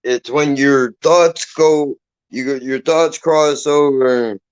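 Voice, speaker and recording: A man chatting casually at home as channel host, loose and profane, getting loud when excited. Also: medium pitch, slow, smooth, highs cut off.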